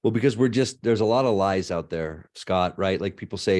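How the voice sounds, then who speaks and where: Low-voiced man, animated storyteller. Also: moderate pace, hardly any pauses. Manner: animated storyteller, frequent "right?" tags. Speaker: law and ethics professor. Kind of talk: interview answers.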